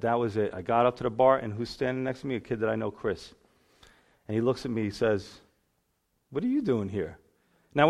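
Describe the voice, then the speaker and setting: A man, a pastor giving a sermon testimony, telling his story and acting out the voices in it. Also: medium pitch. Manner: storytelling, acts out voices in quotes.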